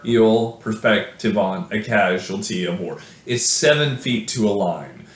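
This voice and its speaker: Slow, low-voiced man reading his poem. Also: a bit bright, echoey room. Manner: rambling, self-correcting, with frequent fillers. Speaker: poet discussing his own sonnet. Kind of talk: poetry reading then casual explanation.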